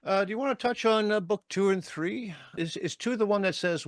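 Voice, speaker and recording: A man interviewing an author, asking quick, quiet questions. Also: high-pitched.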